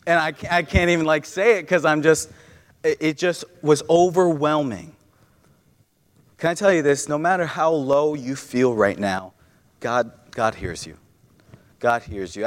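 A man's voice: on the high side, normal speed. A young man preaching a sermon in a church, earnest, often restarting and repeating words as he tells a personal story. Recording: long reverb of a church hall.

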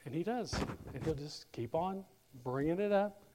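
A male pastor preaching a sermon in a church, animated and speaking directly to members of the congregation by name. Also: on the high side, moderate pace, long reverb tail, slight background noise.

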